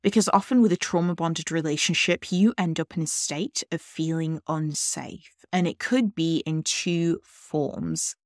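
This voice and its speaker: A woman hosting a solo podcast, talking earnestly and directly to the listener in a calm way. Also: deep voice, unhurried, few pauses, no room sound, clean studio sound. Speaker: podcast host.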